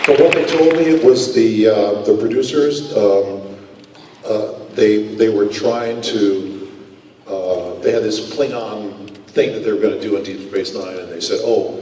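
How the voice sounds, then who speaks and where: A man, a guest actor at a convention panel, telling stories in a lively, self-mocking way and laughing often. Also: on the low side, a little slow, slight background noise. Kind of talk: casual panel storytelling. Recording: echoey hall from far off.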